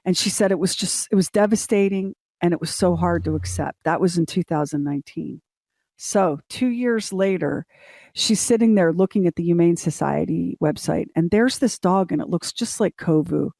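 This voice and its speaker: A woman's voice: fairly low pitch, moderate pace, vocal fry, darkish tone, dry recording. A middle-aged woman co-hosting a morning show, telling a story in a casual, emotional way. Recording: dry studio sound.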